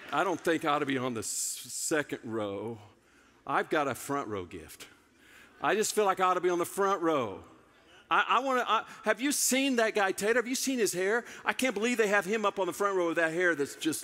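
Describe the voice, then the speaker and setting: Brief: man playing a self-important grumbling volunteer, bright forceful whine, long hall echo. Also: fairly high pitch. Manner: whiny, boastful complaining.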